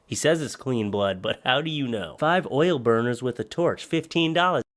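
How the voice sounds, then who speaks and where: A man reading out posts in comedic narration, deadpan and sarcastic. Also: mid-range voice, normal speed.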